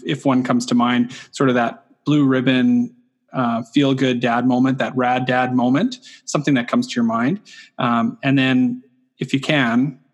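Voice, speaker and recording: A man hosting an interview podcast with a slightly husky voice. He asks questions in a relaxed, friendly way, filling pauses with ums and likes. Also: medium pitch. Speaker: podcast host. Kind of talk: casual interview chat.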